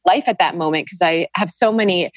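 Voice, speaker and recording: A woman with a fairly low voice talks earnestly on a podcast, reflecting on energy and openness. Her sound is close and dry, with no room around it. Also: a little fast, no room sound. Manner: earnest, reflective, spiritual wording. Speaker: podcast guest, Reiki practitioner. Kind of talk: casual podcast conversation.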